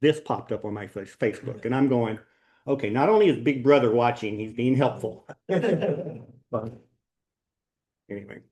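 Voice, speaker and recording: A man leads a church Bible class from his slides. His voice sits at an ordinary middle pitch, and he talks informally, with ums and rhetorical questions to the room. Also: normal speed, long pauses, a little mellow.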